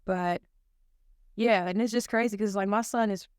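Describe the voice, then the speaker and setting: A woman's voice: medium pitch, steady tone, normal speed, clean tone, no echo, studio quality. A woman from Cincinnati hosting a casual podcast chat between moms, chatty and laughing often. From Cincinnati, Ohio. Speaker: podcast host.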